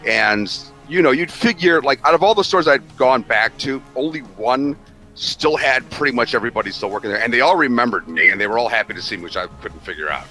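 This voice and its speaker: A man's voice: mid-range voice, fairly quick, faint music behind. A middle-aged man, a truck driver, telling a rambling, profane story in casual chat. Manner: profane, animated, rambling delivery.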